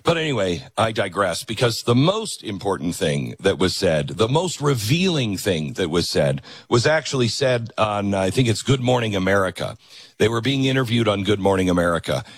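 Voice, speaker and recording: A man's voice: lowish voice, very animated, normal speed, husky, no echo. A man hosting a political talk show, commenting with sarcastic, mocking asides.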